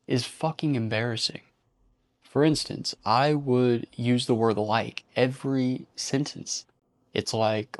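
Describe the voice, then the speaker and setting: A young man giving casual self-help advice in a vlog, rambling with profane jokey asides and switching between rapid bursts and slow, deliberate stretches. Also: on the low side. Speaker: YouTuber.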